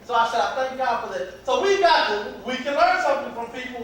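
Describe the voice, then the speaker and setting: A high, bright-voiced man preaches to young people in a loose, conversational way, acting out the voices of people in his stories. He is heard from some distance in a very echoey hall, with faint noise underneath. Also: lively intonation, normal speed. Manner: conversational preaching, acts out quotes. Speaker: youth pastor. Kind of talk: preaching to youth.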